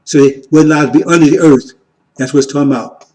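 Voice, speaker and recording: A man giving an informal teaching sermon, repeating "See?" and "right?", moving between loud emphatic lines and quiet asides. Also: a little high, steady tone, very fast, rough recording. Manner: repetitive, keeps asking "See?" and "right?". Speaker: religious teacher.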